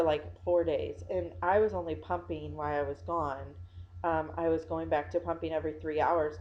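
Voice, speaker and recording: A woman's voice: on the low side, warm tone, highs cut off. Tired, rambling woman vlogger. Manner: rambling, self-interrupting, with many fillers. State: yawning, tired. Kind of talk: casual personal vlog.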